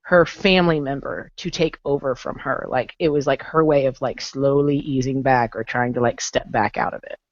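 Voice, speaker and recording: A woman's voice: very deep voice, steady tone, normal speed, hardly any pauses, dry recording. A woman hosting a casual chat about comics with friends over a video call, asking probing questions. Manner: chatty, asks probing questions. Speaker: host. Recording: dull lo-fi online call.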